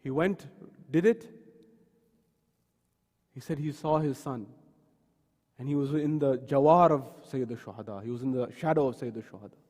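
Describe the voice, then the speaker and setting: A man's voice: mid-range voice, moderate pace, pauses often, darkish tone. A man delivering a sermon in a mosque, telling stories dramatically and acting out the people he quotes. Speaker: speaker at a mosque. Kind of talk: sermon with acted retellings. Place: mosque hall. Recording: long hall reverb.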